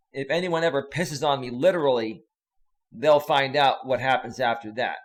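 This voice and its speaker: A man, a life coach, chatting casually on a live stream, reading out viewer comments with loud animated bursts and crude slang. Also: mid-range voice, normal speed, a crowd in the background, noisy background.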